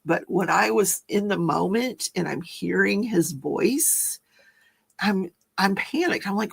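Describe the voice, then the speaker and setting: Older woman with a gravelly voice. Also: mid-range voice, expressive, unhurried. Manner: rambling, self-correcting storyteller. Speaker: livestream host. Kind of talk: casual livestream chat.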